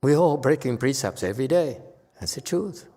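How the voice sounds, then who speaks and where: A male Buddhist teacher giving an animated, emphatic dharma lecture. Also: mid-range voice, normal speed. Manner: animated, emphatic, voices dramatic quotes. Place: temple lecture hall. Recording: long hall reverb.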